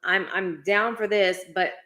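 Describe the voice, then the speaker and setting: A woman co-hosting a live astrology show, chatting warmly and reading out viewer comments. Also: medium pitch, steady tone, measured pace. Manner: warm, chatty, reads viewer comments aloud. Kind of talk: casual livestream chat.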